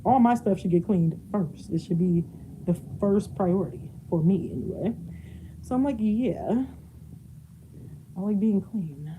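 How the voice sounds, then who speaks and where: A woman's voice: medium pitch, expressive, unhurried, pauses often, mellow, slight background noise, rough recording. A young woman chatting casually while she cleans her home, laughing often and drifting away from the mic as she moves. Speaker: vlogger. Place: home, moving around rooms.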